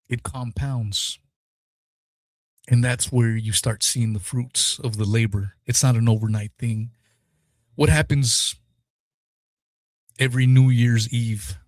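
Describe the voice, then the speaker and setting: A young man talks alone into his podcast mic, open and emotional, dropping curse words as he goes. His voice sits at an ordinary middle pitch. The sound is dry and close, with little room around it. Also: dry recording. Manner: raw, emotional, swears freely. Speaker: podcast host. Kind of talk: solo podcast talk, live stream.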